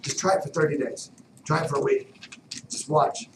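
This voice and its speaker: A man giving a motivational talk, telling stories animatedly, dropping to whispers and then bursting out loud. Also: on the high side, moderate pace, noisy background. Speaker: motivational speaker. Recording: roomy distant mic with background ambience.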